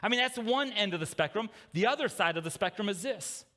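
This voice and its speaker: Lively high-pitched preaching man, church reverb. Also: fairly quick. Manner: conversational preaching with frequent "okay?" and "right?" asides. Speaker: pastor. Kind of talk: sermon. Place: church sanctuary.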